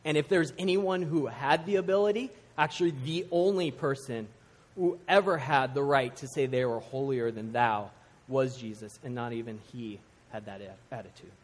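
A middle-aged man from the United States preaching a sermon to a church congregation, animated, swinging from loud emphasis to hushed intensity. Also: medium pitch, moderate pace. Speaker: pastor. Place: church sanctuary. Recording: long hall reverb.

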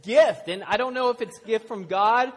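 Long reverb fills the church hall as this thirty-something pastor preaches casually to his congregation, joking at his own expense while telling stories. He speaks at a moderate pace in a high, fairly bright voice with a breathy edge.

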